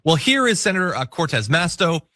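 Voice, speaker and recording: A man's voice: fairly high pitch, very animated, fairly quick, sharp tone, no room sound, studio quality. A man hosting a political commentary show, talking casually with wry asides.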